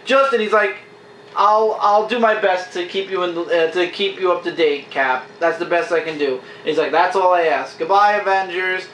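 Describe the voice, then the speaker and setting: Bright, high-voiced man reviewing comics. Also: distant mic. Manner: enthusiastic, acts out comic dialogue in quick quotes. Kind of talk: casual review chat. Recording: echoey room, faint hiss.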